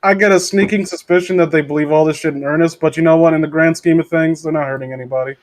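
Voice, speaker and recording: A man hosting a casual podcast, reading aloud haltingly and joking around. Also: a little high, steady tone. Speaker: podcast host.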